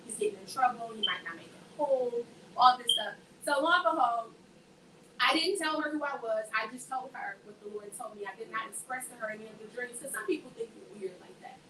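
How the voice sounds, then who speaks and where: A woman's voice: fairly high pitch, lively intonation, a little fast, crowd noise. A woman giving a faith testimony to a group, telling her story with energy and acting out the voices of the people in it. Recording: echoey room, voice from a distance, faint background noise.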